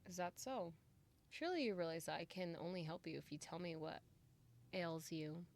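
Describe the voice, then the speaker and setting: A woman voicing a polite, formal male doctor who speaks in a calm, measured, guarded way. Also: fairly low pitch, lightly acted. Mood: composed.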